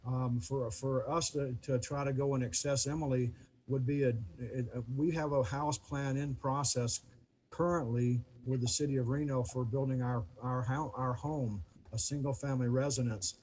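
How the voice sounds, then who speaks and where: Halting man speaking over a video call. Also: medium pitch, steady tone, a little mellow, a little hiss or hum, low-quality recording. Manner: halting, repeats words. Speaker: neighbor addressing the commission. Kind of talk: public comment at a meeting.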